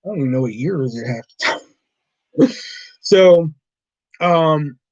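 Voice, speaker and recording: A man's voice: on the high side, animated, a little slow, darkish tone, no room sound. A man hosting a live stream at home, telling a rambling, profane story in casual talk and laughing often. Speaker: livestream host. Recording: dull lo-fi dry mic.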